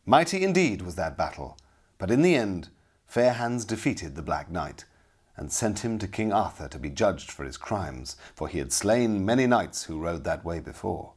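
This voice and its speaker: Husky-voiced male storybook narrator. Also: low-pitched, moderate pace. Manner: expressive, dramatic storytelling.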